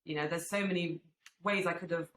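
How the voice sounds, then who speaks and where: A woman's voice: lowish voice, fairly even intonation, a little fast, a bit bright. A young woman in her twenties talking earnestly about her family and business in a casual podcast chat, with plenty of fillers. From Albanian family, raised in UK. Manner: earnest, reflective, many fillers. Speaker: guest, swimwear brand founder. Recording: echoey room with faint background noise.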